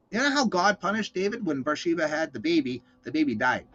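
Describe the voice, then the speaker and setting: A man hosts his own show with a casual, profane monologue, ranting, swearing, and telling stories animatedly. His voice is high-pitched and fast with hardly any pauses, and it sounds cold and muffled on a slightly dull recording.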